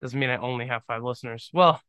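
Bright-voiced young man rambling jokingly. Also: medium pitch, fast, clear, resonant tone, no room sound. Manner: rambling, self-deprecating and joking. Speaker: podcast host. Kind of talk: casual solo podcast monologue.

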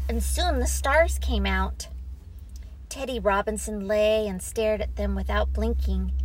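A woman narrating a children's storybook in a gentle, expressive reading. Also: mid-range voice, a little hiss or hum, rough recording.

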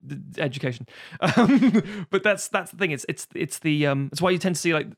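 A man co-hosting a casual film discussion, animated, swearing freely and laughing often. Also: a little high, moderate pace, dry recording, studio quality.

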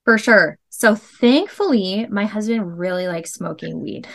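A woman's voice: mid-range voice, unhurried, creaky. A woman in her thirties telling her own story as a podcast guest, candid and emphatic, full of "like" fillers. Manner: animated, emphatic, many "like" fillers.

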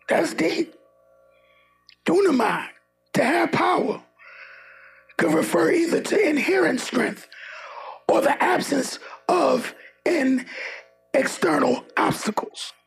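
A man preaching a sermon, shouting with fervor and humor, calling on the congregation to answer back. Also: very high voice, vocal fry. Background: loud music.

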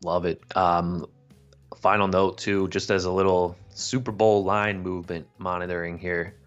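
A man's voice: sits low, level tone, moderate pace, lo-fi sound. A man co-hosting a sports betting podcast, laid-back, tossing in short agreeing replies. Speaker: podcast co-host. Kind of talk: casual betting chat.

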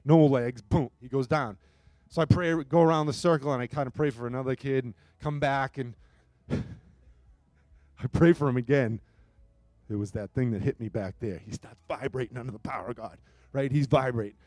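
Guy preaching, gets quiet then loud real fast, dry close sound, mid pitch. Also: no echo. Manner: animated, swings from hushed to loud. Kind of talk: sermon testimony.

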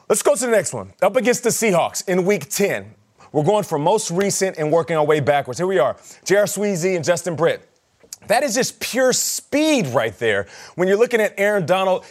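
Lively, playful man breaking down game film. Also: high voice. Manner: playful, builds jokes then narrates film excitedly. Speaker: football show co-host. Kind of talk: animated sports segment breakdown.

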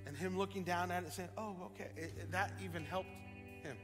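A man preaching a sermon as pastor, animated, swinging up to loud emphatic peaks. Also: high-pitched, fast talker. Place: church sanctuary. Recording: long hall reverb with faint music.

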